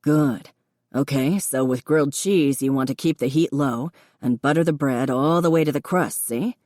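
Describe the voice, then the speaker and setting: A laid-back young man talks a friend through a recipe, patient and encouraging, as a woman narrator puts him on. The voice sits low and deep. It is a dry, close audiobook read. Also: moderate pace, no echo. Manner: patient, encouraging, gently instructive. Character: easygoing young man, patient cooking teacher.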